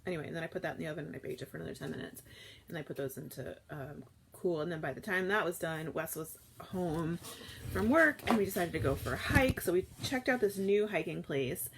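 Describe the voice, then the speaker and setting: A woman's voice: lowish voice, expressive, a little fast, vocal fry, noisy background. A woman in her thirties, chatting casually and rambling through a live morning stream, with lots of fillers and restarts. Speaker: food vlogger hosting a live morning chat.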